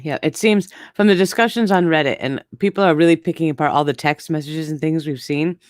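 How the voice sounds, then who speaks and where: A woman's voice: sits low, brisk, dry recording. A candid woman in her forties chatting casually as a co-host. She laughs easily between thoughts. Her voice sits close and dry, with no room sound around it. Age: 40s. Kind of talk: casual chat.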